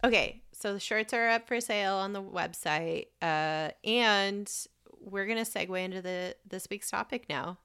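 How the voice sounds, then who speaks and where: A woman's voice: medium pitch, moderate pace, few pauses, fairly bright tone, smooth. A woman co-hosting a podcast in casual chat, laid-back, giggly and frank, swearing now and then. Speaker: podcast co-host.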